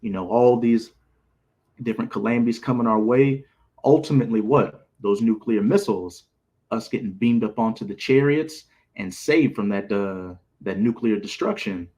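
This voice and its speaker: A man's voice: on the low side, moderate pace, dark tone. A man leading a scripture study, commenting emphatically on verses with casual street phrasing. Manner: emphatic, repeats sacred names, street phrasing. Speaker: bible study leader.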